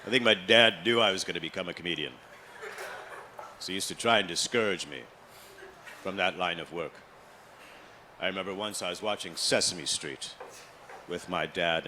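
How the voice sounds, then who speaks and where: A man doing stand-up comedy in a club, telling deadpan stories about his family and chatting with the crowd. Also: sits low, normal speed, long pauses, background noise. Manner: deadpan storytelling, loud put-on voices for family.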